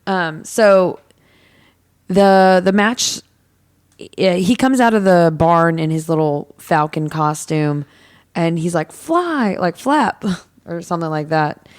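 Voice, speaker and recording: Woman, podcast co-host, casual film recap, low pitch, clear tone, dry close sound. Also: fairly even intonation, takes it slowly, darkish tone, no echo. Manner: rambling recap with many ums and quoted lines. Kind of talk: casual movie recap chat.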